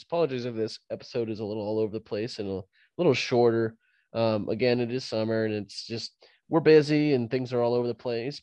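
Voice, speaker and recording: A man hosting a laid-back sports podcast, with a cold. He laughs a lot and trips over his sentences as he rambles. His voice sits at a middle pitch and sounds close and dry. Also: a little mellow, dry recording. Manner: laughs often, rambling with restarts. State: fighting a cold. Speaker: podcast host. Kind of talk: casual sports podcast chat.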